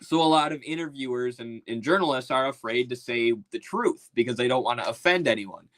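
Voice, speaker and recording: Male commentator, casual and mocking, mid-pitched. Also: a little fast, a bit bright, low-quality recording. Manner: loose, slangy and mocking. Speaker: political commentator.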